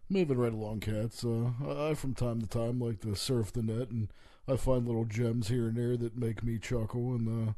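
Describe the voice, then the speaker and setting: A man hosting his own show, ranting in a casual, heavily profane way, halting often on fillers and restarts. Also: medium pitch, steady tone, mellow, no room sound. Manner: heavy swearing, halting with many fillers. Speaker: podcast host. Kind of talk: profane rambling rant.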